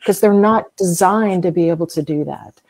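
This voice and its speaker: Chatty woman, low warm voice, explaining. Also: moderate pace. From US South. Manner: chatty, explains with everyday comparisons, many fillers. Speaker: whale museum guest expert. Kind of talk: explanatory interview answers.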